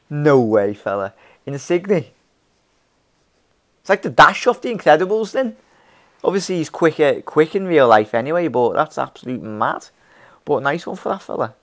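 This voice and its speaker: A man's voice: on the high side, expressive, moderate pace, pauses often. A young man hosting a casual live stream, reading viewer comments, rambling with frequent laughs and restarts. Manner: rambling, laughs often, many restarts, calls viewers fella and mate. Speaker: fan channel host.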